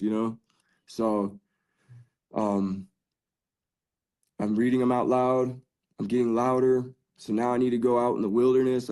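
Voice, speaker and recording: A man's voice: mid-range voice, dark tone. A man on a podcast telling his faith testimony in an earnest, casual way, full of "dude" and "like". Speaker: podcast guest.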